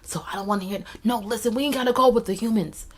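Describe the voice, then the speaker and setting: A woman voicing a flock of scheming birds who hush each other in urgent, bossy whispers. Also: fairly high pitch, quick pace, close to an everyday voice.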